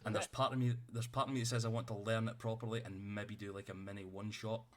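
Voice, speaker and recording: A man's voice: lowish voice, flat delivery, fast. A man running a tabletop game, chatting out of character in a rambling way and swearing freely. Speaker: game master. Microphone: streaming setup.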